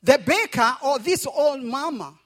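A man preaching, his voice pitched very high. He tells a story to the congregation and keeps repeating phrases, pulling them into call-and-response. His delivery rises and falls in a lively way. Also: a little slow. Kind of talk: sermon with storytelling.

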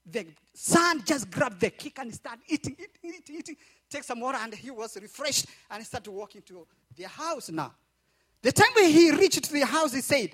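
A man's voice: very high-pitched, big pitch swings, normal speed. A man preaching a sermon, telling a story and repeating phrases back to the congregation. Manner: repetitive call-and-response preaching.

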